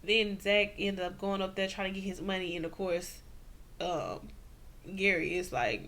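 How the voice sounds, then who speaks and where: A woman's voice: medium pitch, unhurried, fairly bright tone. A woman giving a casual, slangy TV recap, acting out the characters' lines and laughing often. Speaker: TV recap vlogger.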